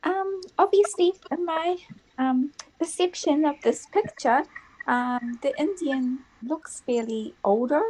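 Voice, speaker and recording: A woman on a group call answering hesitantly and carefully, with many pauses. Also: high voice, a little mellow, a little hiss or hum, rough recording.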